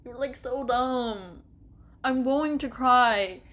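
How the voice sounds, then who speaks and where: A woman's voice: a little high, slow, fairly bright tone. A young woman giving casual reaction commentary on a story, exasperated and ranting with frequent laughter. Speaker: streamer reading an interactive story.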